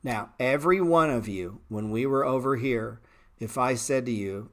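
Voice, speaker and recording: A middle-aged man hosting a stock trading livestream, talking bluntly and sarcastically with swearing, and jumping into animated, louder rants. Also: moderate pace. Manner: animated rants that jump in pitch and volume. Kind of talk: casual livestream chat.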